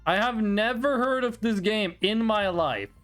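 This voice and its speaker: A streamer chatting casually with live chat in a blunt, animated way, swearing and laughing often while browsing games. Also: mid-range voice, measured pace, soft background music.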